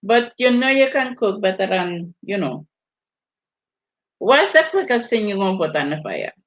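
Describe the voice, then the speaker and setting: A woman's voice: medium pitch, very animated, normal speed. A woman with a Virgin Islands Caribbean accent, chatting casually on a live stream, reading out viewer comments with teasing laughter. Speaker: vlogger hosting a live stream. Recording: dull lo-fi audio.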